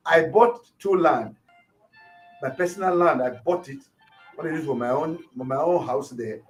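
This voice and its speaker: A man's voice: a little high, moderate pace, distant mic, faint music behind, poor audio. A Nigerian man, a pastor, animatedly retelling a dispute in an interview, acting out the quotes as he goes. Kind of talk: storytelling interview.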